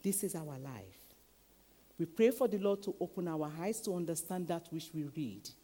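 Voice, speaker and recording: A woman preaching a sermon with lively emphasis, repeating words, acting out quotes and sometimes dropping to a whisper. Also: on the low side, normal speed. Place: church hall. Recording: long hall reverb.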